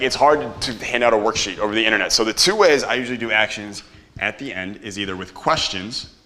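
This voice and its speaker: Casual low-voiced seminar presenter man. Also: fairly bright tone. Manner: casual, profane, asks audience to repeat after him. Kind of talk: live seminar teaching. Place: seminar room with live audience.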